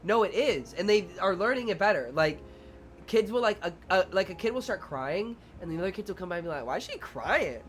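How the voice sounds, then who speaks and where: Pitched high and talking quickly, a young man addresses his stream viewers over slight background noise. He works as a preschool teacher and animatedly performs his own and the children's parts while swearing without restraint.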